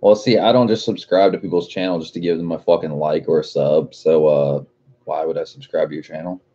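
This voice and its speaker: Deep husky man chatting on a stream. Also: fairly even intonation, fairly quick, dark tone, lo-fi sound. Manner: profane, joking, laughs often. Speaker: livestream host. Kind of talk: casual livestream chat, reading viewer comments.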